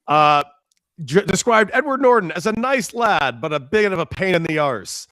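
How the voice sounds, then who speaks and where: A man co-hosting a sports talk show in a casual, excitable way, quick to laugh. His voice sits a little high for a man, and the sound is close and dry with no room around it. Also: no echo. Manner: laughs easily, excitable, reads out posts.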